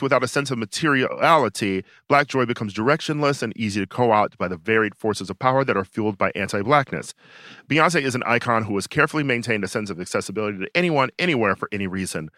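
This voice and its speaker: Man, podcast co-host, bright clear tone, dry close mic, opinionated casual chat. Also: mid-range voice, no echo. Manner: opinionated, talks in long runs with many fillers.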